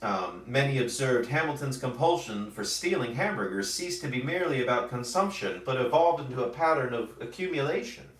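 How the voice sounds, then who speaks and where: A man's voice: medium pitch, expressive, a little fast, hardly any pauses, fairly bright tone. A man casually commenting on his own comic pages, with rambling asides and frequent fillers. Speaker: comic artist discussing his own work. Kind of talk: casual commentary over artwork. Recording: roomy, from a distance.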